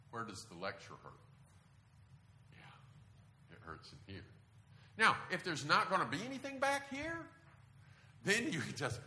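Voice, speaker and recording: Middle-aged male preacher, lively delivery, bright voice, echoey church hall. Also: medium pitch, slight background noise. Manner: animated storytelling with sudden loud bursts. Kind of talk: sermon. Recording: echoey room.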